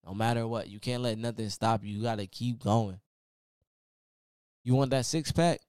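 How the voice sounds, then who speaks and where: A man's voice: mid-range voice, moderate pace, darkish tone, smooth, no echo, studio quality. A man hosting his own podcast, giving a casual, preachy motivational talk full of repeated "man" and "y'all.". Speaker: podcast host. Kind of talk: motivational solo podcast rant.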